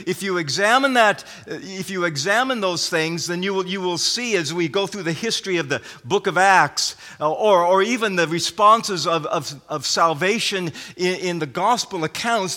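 A man's voice: high-pitched, sharp tone. A man preaching a sermon as pastor, earnest and emphatic, often restarting his phrases. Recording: long hall reverb.

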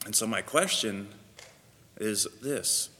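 In a church sanctuary with a long hall reverb and slight background noise, a man preaches a sermon, praying first and then speaking earnestly with many fillers. His voice is fairly low and sharp in tone, and he speaks slowly.

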